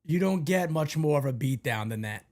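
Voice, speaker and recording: Fired-up guy hosting a fan show, ranty, pitch all over the place, goes from mumbling to yelling. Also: expressive, normal speed. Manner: emotional, swings from muttering to shouting. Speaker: host.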